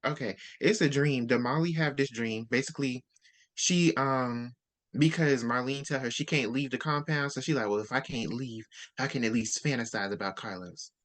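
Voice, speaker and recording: A man's voice: mid-range voice, moderate pace, fairly bright tone. A man in casual chat, animatedly retelling a book's plot and acting out the characters' lines. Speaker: book-swap co-host. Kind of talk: casual book discussion.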